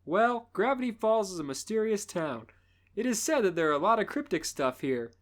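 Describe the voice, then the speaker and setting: A man's voice: high-pitched, very animated, moderate pace, pitched above the performer's own voice. A man voicing a smug male TV game-show host with a showy announcer delivery, in a fan-fiction reading with voices. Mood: smug announcing.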